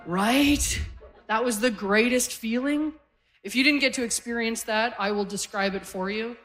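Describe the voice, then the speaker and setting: A woman's voice: on the high side, moderate pace, a bit bright. Woman in her forties doing stand-up. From Canada. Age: 40s. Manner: conversational, self-deprecating punchlines. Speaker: stand-up comedian. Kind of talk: stand-up comedy set. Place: comedy stage with a live audience.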